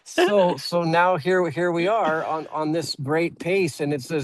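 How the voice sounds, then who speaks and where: A man who owns an auto repair shop, speaking as a guest on a webinar and telling a story in a halting way, often repeating words as he starts a sentence. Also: a little high, fairly even intonation, low-quality recording. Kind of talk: conversational storytelling.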